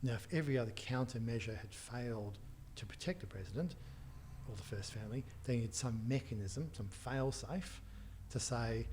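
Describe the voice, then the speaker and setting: A man telling a lively story. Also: mid-range voice, normal speed, a little hiss or hum. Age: middle-aged. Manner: animated anecdotes with frequent laughs and restarts. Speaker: interview guest, tech entrepreneur. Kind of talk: casual storytelling in a podcast interview.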